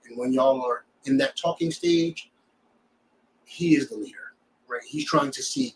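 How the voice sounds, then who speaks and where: A man's voice: medium pitch, moderate pace, far from the mic, rough recording. A man teaching a scripture class in a blunt, preachy way, full of rhetorical questions.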